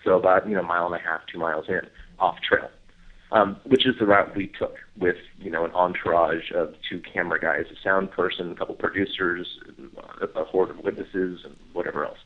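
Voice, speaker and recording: A man, a guest researcher, telling a field story in a casual interview, full of fillers, acting out other people's lines in a high voice. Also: steady tone, fairly quick. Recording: tinny phone line.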